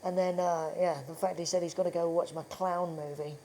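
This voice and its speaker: A man's voice: a little high, level tone, a little fast, darkish tone, a little hiss or hum, low-quality recording. A man chatting as a guest in a tattoo studio. He tells stories casually, swears freely and laughs often. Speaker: actor guest. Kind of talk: casual chat.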